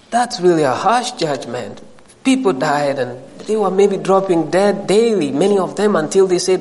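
A man's voice: sits high, expressive, normal speed, a little mellow, big-room sound, rough recording. A man preaching a sermon to a congregation, addressing them directly and rising into emphatic questions.

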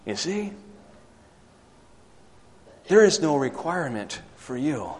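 A man's voice: fairly high pitch, big pitch swings, takes it slowly, in a large hall, a little hiss or hum. A male pastor preaching a sermon, mixing emphatic peaks with conversational asides and storytelling.

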